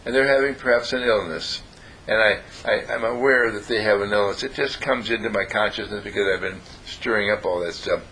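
A man teaching in a calm, repetitive, gently instructive way, guiding listeners through spiritual affirmations. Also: on the low side, fairly quick, slight background noise, poor audio. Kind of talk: guided affirmation talk.

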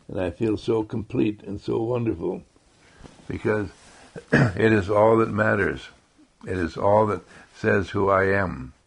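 Slow gravelly-voiced man, meditative. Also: fairly low pitch. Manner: repetitive, calm affirmations. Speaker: spiritual speaker. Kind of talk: slow meditative spiritual talk.

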